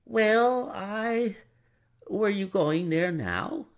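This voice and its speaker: A man voicing a fussy, mild older male bank clerk in an audiobook, hesitant and precise, with a husky voice. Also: high voice, lively intonation, extremely slow, pitched above the performer's own voice, heavily acted. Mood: earnest.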